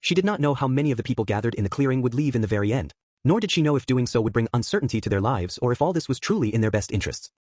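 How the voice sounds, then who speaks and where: Brisk male audiobook narrator. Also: medium pitch, lively intonation, a little mellow, no room sound, clean studio sound. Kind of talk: scripted narration.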